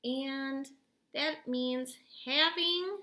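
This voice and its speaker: A woman teaches spelling in a lesson recorded at home, her bright, clear, high-pitched voice stretching words out as she patiently and encouragingly sounds them out piece by piece.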